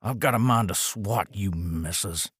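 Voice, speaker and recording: A man plays a grouchy old husband who barks and curses in a raised, strained voice, lively and husky. He drops to a sour mutter under his breath. It sounds dry and close. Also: high-pitched, very fast, no room sound, pitched above the performer's own voice, exaggerated voice. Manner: yelling, cursing, muttering. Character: cranky older husband, bad hip.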